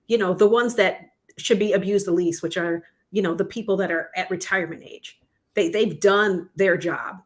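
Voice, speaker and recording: A woman co-hosting a talk show, discussing news in a conversational, earnest way and laughing easily. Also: medium pitch. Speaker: podcast co-host. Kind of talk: casual discussion.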